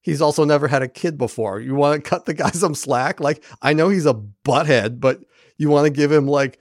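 A man co-hosting a podcast in casual chat, animated and profane, acting out lines from the episode. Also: fairly high pitch, brisk, no echo, studio quality. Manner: animated, profane, acts out quoted characters. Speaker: podcast co-host.

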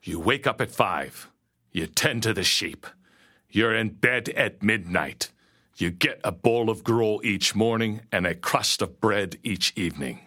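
A man's voice: low voice, animated, slow pace, pushed and bright, husky, exaggerated voice. A man voicing a cruel, hateful middle-aged farmer who barks orders and growls threats in a storybook reading. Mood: commanding.

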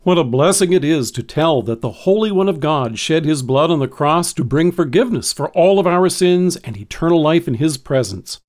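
A man reading a scripted daily devotion with scripture quotes in a measured, earnest way. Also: on the high side, lively intonation, a little mellow. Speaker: devotion speaker.

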